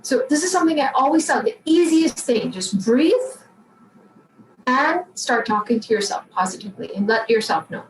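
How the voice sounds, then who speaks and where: A woman's voice: high-pitched, moderate pace. Woman coach with a distant, roomy sound. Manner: calm, encouraging, repeats affirmations. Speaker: emotional intelligence coach, guest. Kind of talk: podcast interview answer. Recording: roomy, distant mic, faint background noise.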